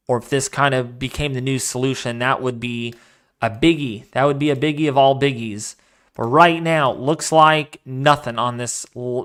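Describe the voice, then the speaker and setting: A man hosting a live weather stream, talking casually and excitably, rambling off into asides while reading the models and the chat. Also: medium pitch, clean tone. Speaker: weather livestream host.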